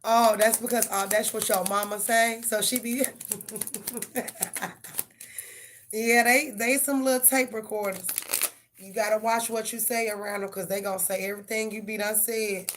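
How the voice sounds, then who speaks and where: A woman's voice: mid-range voice, steady tone, brisk, fairly bright tone, slight background noise. A middle-aged woman, giving tarot readings on a live stream and talking blunt and profane to her viewers. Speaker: tarot reader.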